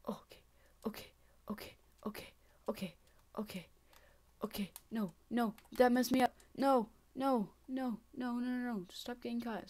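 A woman giving casual, excitable gameplay commentary, talking to herself and running herself down, swinging from muttering to shrieking. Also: fairly high pitch. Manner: self-deprecating, talks to herself. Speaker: gaming channel host.

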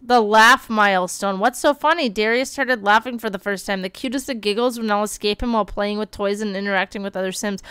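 A woman streaming live, commenting on a life-sim game with animated outbursts and quick read-outs. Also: mid-range voice, clean tone, no echo, clean studio sound.

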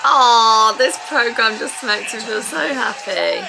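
A woman giving an excited, casual reaction commentary as a dance vlogger, gushing, gasping and exclaiming as she watches. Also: on the high side, normal speed, vocal fry. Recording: music playing loudly behind her.

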